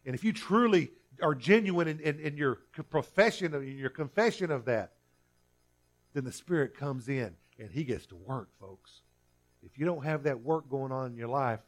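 A male pastor preaching a sermon earnestly, often restarting and repeating himself. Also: mid-range voice.

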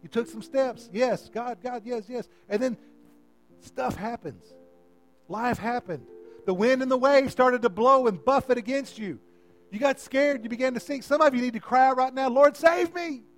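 A man preaches from the front of a church, speaking through a handheld microphone. His voice sits high for a man, and he pleads with his listeners in an impassioned way. Soft music plays faintly behind him. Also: moderate pace. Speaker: pastor. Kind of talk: sermon. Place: church sanctuary.

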